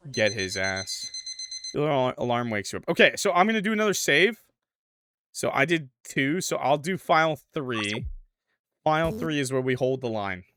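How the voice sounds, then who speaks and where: A man's voice: medium pitch, noisy background. Man streaming a game, rambling and joking. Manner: rambling, joking, reads game narration aloud. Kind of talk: casual livestream commentary and reading game text. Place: home room with a PC. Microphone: desk mic with noise suppression.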